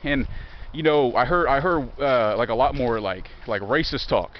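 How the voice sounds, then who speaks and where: A man's voice: mid-range voice, normal speed, a little hiss or hum. Young man, Southern Virginia accent, profane sarcastic walk-and-talk vlogger, muffled outdoor phone audio. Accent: Southern American, Virginia. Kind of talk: rambling walk-and-talk monologue. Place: outdoors in woods near a highway.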